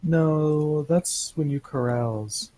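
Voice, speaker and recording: A man's voice: a little high, extremely slow, mellow, no echo, rough recording. A man running a tabletop game as game master, hesitant and full of fillers.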